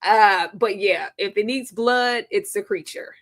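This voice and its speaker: A woman's voice: mid-range voice, unhurried. Woman thinking aloud through fan theories. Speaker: co-host of a live fan discussion. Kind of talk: casual live-stream chat.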